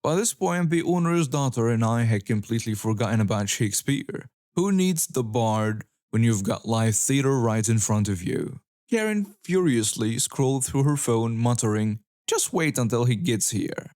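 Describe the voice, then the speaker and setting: Male narrator, mid-pitched, dry close voice-over, even read of reader stories. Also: normal speed, no room sound. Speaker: story narrator.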